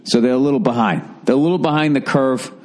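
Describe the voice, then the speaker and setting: A man's voice: mid-range voice, quick pace, darkish tone. A man hosting a podcast, riffing solo in a profane, rambling, sarcastic monologue. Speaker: podcast host. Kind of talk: casual comedic monologue.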